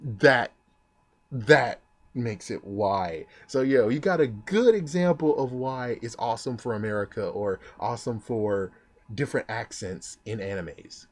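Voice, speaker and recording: A young man giving an excitable, swearing commentary about an anime dub in a casual vlog. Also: fairly low pitch, normal speed. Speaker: anime vlogger.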